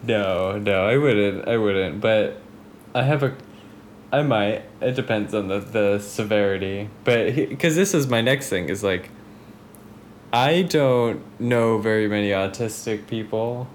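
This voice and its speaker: A man's voice: fairly low pitch, measured pace, slight background noise. A man co-hosting a comedy podcast, rambling and laughing as he trails off mid-thought. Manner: giggly, rambling, often trails off. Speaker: podcast co-host. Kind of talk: casual comedy chat.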